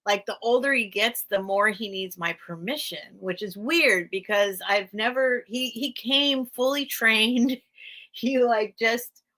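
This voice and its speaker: A woman's voice: a little high, measured pace, pushed and bright. An American woman hosting a live sale stream, chatting casually and rambling, with frequent laughs. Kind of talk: casual livestream chat.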